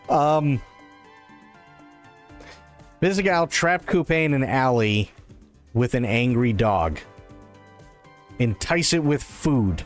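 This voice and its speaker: Slow, laid-back male streamer. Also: fairly high pitch, expressive, faint music behind. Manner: laid-back, muttering reactions. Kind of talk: casual game commentary.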